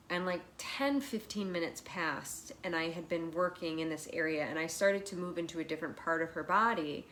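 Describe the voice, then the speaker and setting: A woman, a massage therapist, telling a personal story as a podcast guest in a chatty, animated way, with many fillers and restarts. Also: fairly low pitch, a little hiss or hum.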